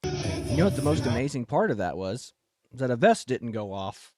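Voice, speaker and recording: A man's voice: medium pitch, very animated, moderate pace, music in the background. A man hosting a talk show, giving emphatic, indignant commentary. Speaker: show host.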